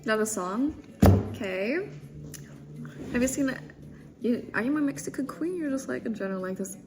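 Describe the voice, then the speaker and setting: A woman's voice: a little high, lively intonation, normal speed, over loud music. A woman livestreaming, chatting casually and joking as she reads viewer comments, often breaking into laughter.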